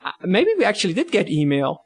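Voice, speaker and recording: A man's voice: high voice, wildly swooping pitch, fast talker, breathy edge, faint music behind. A man co-hosting a casual podcast, rambling and joking with frequent restarts. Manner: rambling, lots of fillers and restarts, jokey. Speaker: podcast co-host. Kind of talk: casual chat.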